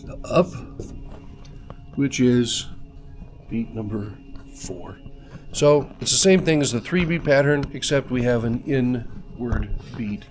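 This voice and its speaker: A man's voice: mid-range voice, darkish tone. A man teaching congregational song leading, patiently coaching and counting beats aloud. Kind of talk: instructional lesson. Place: church.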